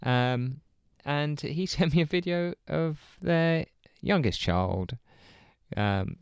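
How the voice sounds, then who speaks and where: A man's voice: on the high side, expressive, slow, clear, resonant tone, no echo. A man co-hosting a podcast, chatting casually and chuckling often. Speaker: podcast co-host.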